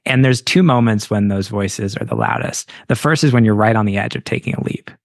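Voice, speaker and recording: A man with a gravelly, fry-tinged voice hosts a coaching interview. He speaks in a measured, reflective way and affirms his guest. The sound is close and dry. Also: on the low side, dry recording. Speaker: business coach and podcast host.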